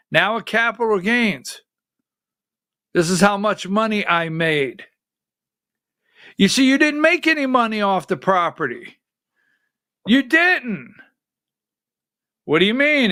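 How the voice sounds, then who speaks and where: A man with a notably high voice hosts a live political commentary show. He talks in a loose, conversational way and keeps throwing rhetorical questions at his audience. The sound is dry and close, with no room echo. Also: pushed and bright. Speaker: political talk show host.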